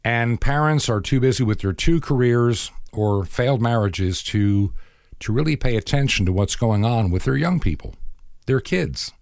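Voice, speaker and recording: A man's voice: medium pitch, lively intonation, moderate pace, vocal fry, a little mellow, dry recording, studio quality. A middle-aged man hosting a radio program, delivering an earnest, moralizing monologue and acting out bits of conversation. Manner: earnest, moralizing, acts out dialogue in quotes. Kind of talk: preaching talk-show monologue.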